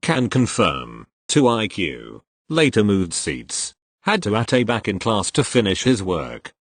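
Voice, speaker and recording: A man reading online posts aloud in a steady, even scripted narration. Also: lowish voice, measured pace, dry recording.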